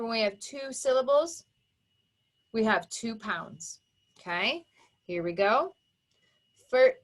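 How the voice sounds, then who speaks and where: A woman teaching a phonics lesson to young children, sounding words out slowly and emphatically and praising their work. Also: fairly high pitch, a bit bright. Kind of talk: slow, exaggerated phonics dictation for young children.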